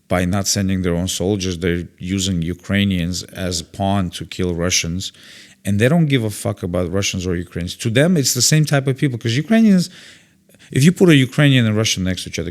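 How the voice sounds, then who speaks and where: A man, a comedian guest, telling stories in casual conversation, blunt and opinionated, acting out other people's lines and swearing freely. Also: lowish voice. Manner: animated storyteller who acts out quoted voices and swears freely.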